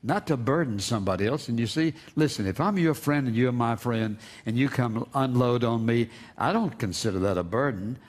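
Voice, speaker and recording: A man's voice: medium pitch, moderate pace, few pauses. An older man preaching a sermon, earnest and repeating words for emphasis. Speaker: pastor.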